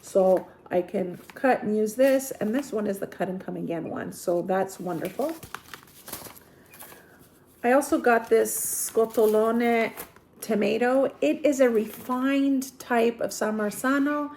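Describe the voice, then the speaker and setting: A woman's voice: fairly high pitch, unhurried, darkish tone, a little hiss or hum. A woman from Apulia in Italy, a gardening vlogger, chatting casually through a seed haul, rambling and correcting herself with frequent ums.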